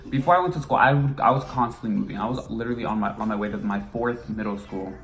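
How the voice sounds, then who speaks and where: A man's voice: lowish voice, quick pace, a bit bright. A teenage man vlogging, telling a story in a casual chat and acting out his own past lines with lots of energy. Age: teens.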